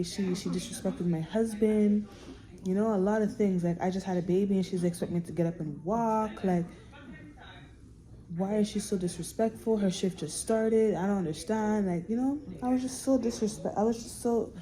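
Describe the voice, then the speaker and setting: A woman's voice: on the low side, dark tone, a little hiss or hum, low-quality recording. A woman telling a hospital story in a casual, indignant rant, swearing and acting out both sides of an argument. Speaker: vlogger telling a birth story.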